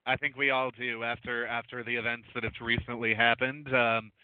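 A man's voice: mid-range voice, little pitch movement, moderate pace, clear, resonant tone, no room sound. Easygoing male host over a tinny line. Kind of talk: casual chat. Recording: tinny phone-like line, dry.

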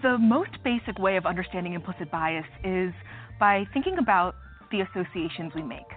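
A woman psychologist explaining ideas in a measured, clear way during an interview clip. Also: fairly low pitch, expressive. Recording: tinny clip with music behind.

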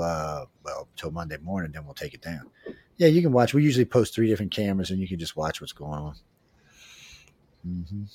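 A man's voice: low-pitched, darkish tone, no room sound. A man with a Southern Cajun accent hosting a radio show, chatting in a rambling, joking, folksy way. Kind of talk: casual talk-radio chat.

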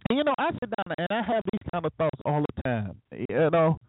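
A man's voice: a little high, huge pitch swings, brisk, heavy background noise. A man hosting a talk show, delivering an opinionated monologue with sarcastic, preachy remarks and chuckling asides. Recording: tinny phone-like, dry.

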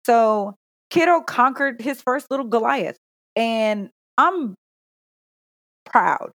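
Animated mother telling stories, dry sound. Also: on the high side, takes it slowly, no room sound. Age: adult parent. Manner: animated, profane storyteller. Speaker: podcast co-host. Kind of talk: casual chat.

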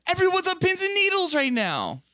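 A man co-hosting a casual podcast, excitable and quick to laugh and react. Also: very high voice. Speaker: podcast co-host.

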